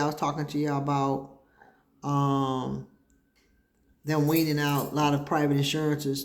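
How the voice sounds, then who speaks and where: In an echoey room at home, a woman runs a laid-back livestream talk show, chatting aimlessly with viewers. Her voice rumbles low with a darkish tone.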